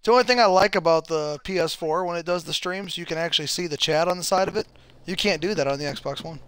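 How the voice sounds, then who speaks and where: A man's voice: fairly high pitch, fast, a bit bright, clear, resonant tone, no echo. A man chatting casually while playing an online shooter with a friend, talking through his day and trash-talking between kills. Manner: chatty, trash-talking, yelps when he scores. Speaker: gamer streaming with a friend. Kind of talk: casual gaming chat.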